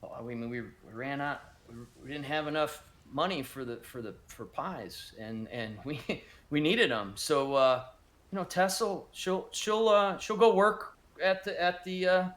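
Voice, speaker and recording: A man's voice: on the high side, a little slow, a bit bright. A man voicing a guilt-ridden poor father who stammers and trips over his words. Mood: sheepish.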